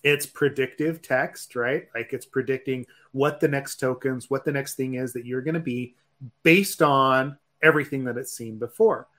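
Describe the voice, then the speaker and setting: Measured man explaining tech on a podcast. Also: mid-range voice, fairly even intonation, fairly bright tone. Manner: measured explainer, tags points with "right?". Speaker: podcast co-host. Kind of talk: casual tech podcast chat.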